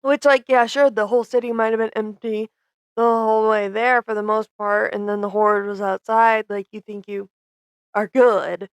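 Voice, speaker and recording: Young woman with a gravelly edge. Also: a little high, little pitch movement, normal speed, no room sound. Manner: thoughtful, hedging, casual. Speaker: podcast co-host. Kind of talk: casual podcast chat.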